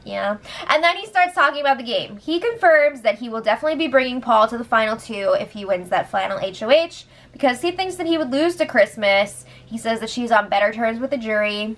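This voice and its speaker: Young woman host, bubbly recap chat, slightly high voice, quick laughs and sarcastic asides. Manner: animated, giggly, sarcastic asides. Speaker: show update host.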